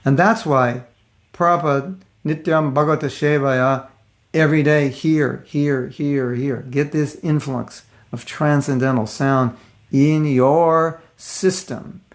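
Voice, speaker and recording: An older man teaching a relaxed spiritual class, telling stories and acting out the voices of people in them. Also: a little high, takes it slowly. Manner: conversational storytelling, acts out voices of people in his stories. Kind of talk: casual devotional lecture.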